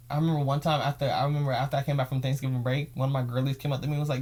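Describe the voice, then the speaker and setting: A man's voice: mid-range voice, fairly even intonation, racing, darkish tone. A young man hosting his own show, telling an emotional story in a rambling, repetitive way. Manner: rambling, emotional, repeats phrases. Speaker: podcast host. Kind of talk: casual storytelling vlog.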